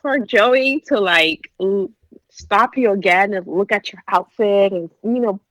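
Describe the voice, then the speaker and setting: A woman guest co-host chatting casually, reacting in an excitable, giggly way. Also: medium pitch, measured pace, no room sound, low-quality recording. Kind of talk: casual chat.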